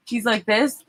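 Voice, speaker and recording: Playful woman co-host, higher bright voice, quick to laugh. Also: slight background noise. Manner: laughing, mimics screams loudly. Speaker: co-host, film partner. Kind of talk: casual livestream chat.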